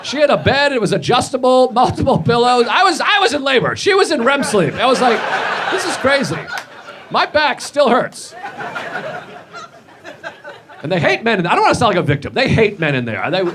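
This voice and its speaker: A male stand-up comedian with a high voice that jumps around as he rambles and mocks himself. He breaks into sudden shouted bits. The clip carries clear audience noise and clicks. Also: big pitch swings, fairly quick. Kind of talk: stand-up set. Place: comedy stage.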